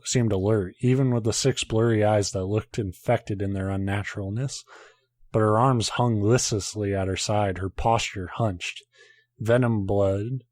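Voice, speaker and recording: A man's voice: fairly low pitch, darkish tone, no echo. A man, a podcast host, reading a horror story aloud in a casual way, now and then breaking off to joke and swear.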